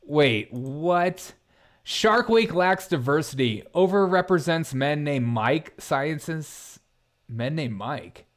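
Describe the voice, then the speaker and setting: A man's voice: on the high side, animated, slow. A man hosting a live-stream commentary show, reacting to headlines and chat in a sarcastic, mocking way. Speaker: political commentary host.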